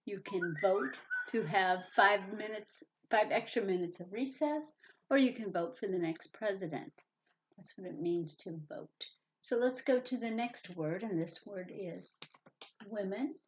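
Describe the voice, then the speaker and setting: A woman's voice: mid-range voice, measured pace, muffled recording, slight background noise. A woman teaching a reading lesson to young children, patiently spelling out words letter by letter and explaining their meanings.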